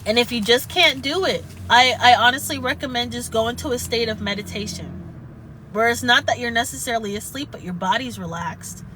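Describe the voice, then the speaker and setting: A woman with a bright, fairly high voice speaks in an earnest, halting way, pausing and restarting as she works through her thoughts. She sounds emotional, now and then close to tears, over a faint hiss of background noise. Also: low-quality recording. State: tearful at moments. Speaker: spiritual vlogger. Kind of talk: emotional casual chat.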